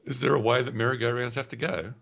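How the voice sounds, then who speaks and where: A man co-hosting a podcast, teasing his partner in a dry, deadpan way. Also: mid-range voice, fast talker, gravelly. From Australia. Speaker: podcast co-host. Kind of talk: casual chat.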